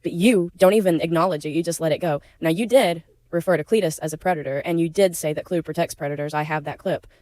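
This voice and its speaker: A woman's voice: low-pitched, fast, hardly any pauses, mellow. A woman giving blunt, indignant opinion commentary, emotional and outspoken about being a victim herself. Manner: indignant, blunt, swears when upset. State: emotional, near tears at times. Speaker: YouTube commentary creator.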